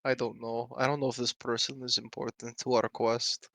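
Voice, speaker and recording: A man playing in a tabletop game, bantering bluntly and speaking haltingly polite in character. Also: medium pitch, level tone, creaky, fairly bright tone, dry recording. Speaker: player. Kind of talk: casual tabletop play.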